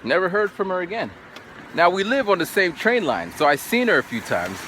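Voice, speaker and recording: Speaking casually to the camera, this man in his forties, a vlogger, acts out quotes with animation and keeps circling back to "so then." His voice sits high and moves fairly quickly, with slight background noise.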